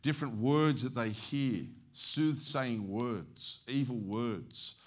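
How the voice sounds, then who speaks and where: Aussie evangelist preaching, tells stories and acts out the lines, mid pitched voice. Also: male voice, takes it slowly. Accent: Australian. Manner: animated, acts out dialogue. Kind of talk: storytelling sermon.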